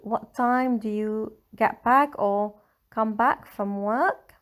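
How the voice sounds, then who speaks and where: Higher-voiced Lebanese woman teaching slowly. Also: animated, fairly bright tone. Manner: slow, careful explaining with Arabic examples. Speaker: Arabic teacher. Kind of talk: scripted language tutorial.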